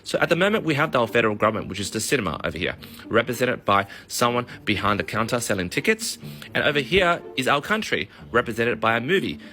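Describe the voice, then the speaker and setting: A man who works as a mortgage broker, ranting in a profane, animated way on a casual vlog. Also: medium pitch, quick pace.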